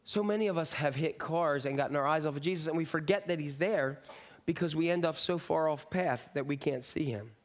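A middle-aged man delivers a sermon, talking to his congregation in a loose, conversational way. His voice sits a little high for a man, and he drifts into jokes and side stories before coming back to his point. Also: brisk. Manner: conversational, rambling with asides and jokes. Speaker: pastor.

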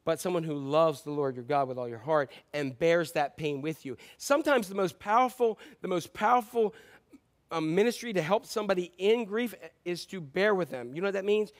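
A middle-aged male pastor preaching a sermon, telling stories in a conversational way and swinging between loud emphasis and quiet asides. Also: high-pitched, a little fast.

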